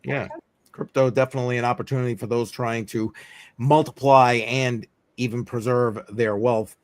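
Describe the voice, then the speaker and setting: A man's voice: medium pitch, steady tone, moderate pace, no room sound. A man hosting a casual crypto talk show, rambling and offhand with lots of fillers. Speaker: host of a crypto news livestream.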